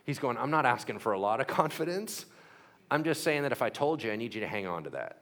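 A man's voice: mid-range voice, fast. A man preaching a sermon to a congregation, joking and acting out quoted voices. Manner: animated, jokey, acts out quoted voices. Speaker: pastor.

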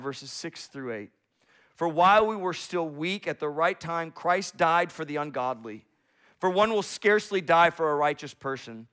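A pastor in his thirties preaches with earnest conviction, his fairly high male voice leaning hard into key phrases. He slows right down to stress a point, then drops to a hushed, soft delivery. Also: clear, resonant tone. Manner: earnest, swings from emphatic and slow to hushed and soft. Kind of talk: sermon.

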